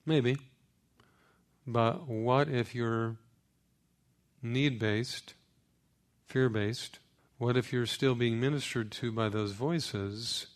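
Slow, deliberate male preacher. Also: medium pitch, fairly even intonation. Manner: slow, emphatic preaching with pauses. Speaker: radio preacher. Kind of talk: sermon.

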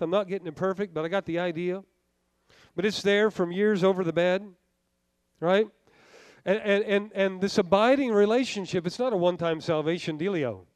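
Male pastor, high clear voice, fervent sermon with repeats, dry close sound. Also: moderate pace, a little mellow, dry recording. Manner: fervent, self-deprecating preaching with repeated phrases.

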